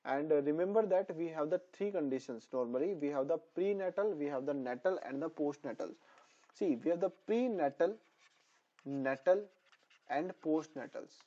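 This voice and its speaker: A man teaching a pediatrics lesson, repeating terms over and over for memorization, his voice a little hoarse. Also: a little high, normal speed, mellow. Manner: repetitive, drilling terms for memorization. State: voice slightly hoarse. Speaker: nursing exam tutor. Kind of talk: online lecture. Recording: dull lo-fi sound.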